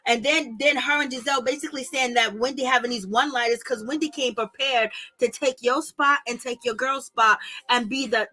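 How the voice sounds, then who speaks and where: A woman recapping a reality show in casual, slangy talk, animated and gossipy, laughing often. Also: high voice, fairly quick, few pauses. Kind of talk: casual commentary.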